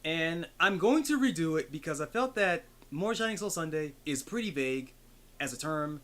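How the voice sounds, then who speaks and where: A man's voice: a little high, expressive, normal speed, fairly bright tone. A man streaming a retro video game, chatting casually, rambling through asides and swearing freely. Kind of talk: casual gaming commentary. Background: game music.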